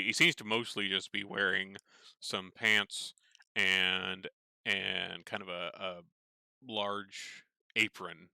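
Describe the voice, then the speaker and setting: A man's voice: on the low side, bright, forceful tone, smooth, dry recording. A man narrating a tabletop game as game master, meandering, with many fillers and restarts.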